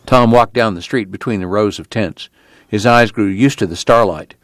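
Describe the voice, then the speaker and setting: A man reading a novel aloud in steady, measured narration. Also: lowish voice, dry recording, studio quality. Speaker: audiobook reader.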